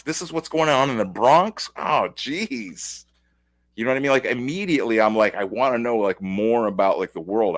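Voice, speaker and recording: Brief: male comic reviewer, casual and rambling, excited, slightly low voice. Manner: rambling, enthusiastic, full of fillers.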